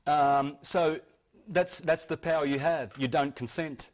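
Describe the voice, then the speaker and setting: A man's voice: a little high, fairly even intonation, unhurried. A man giving a lecture to an audience, speaking emphatically and insistently, often restarting his sentences.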